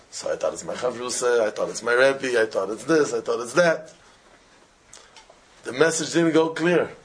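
Man giving an animated, storytelling religious talk. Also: medium pitch, background noise. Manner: animated storytelling in simple, broken English, sprinkled with Hebrew and Yiddish terms. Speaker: religious teacher. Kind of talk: informal Torah talk with stories.

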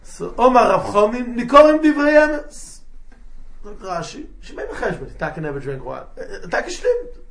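A man giving a lively Talmud class, mixing in Yiddish and Hebrew terms and acting out the quotes. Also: high voice, normal speed, echoey room. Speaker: Talmud teacher.

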